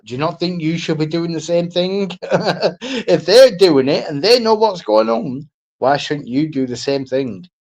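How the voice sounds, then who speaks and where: A man's voice: mid-range voice, a little mellow, lo-fi sound. A man in a casual rambling monologue as a streamer. He swears a lot, laughs between lines and repeats himself.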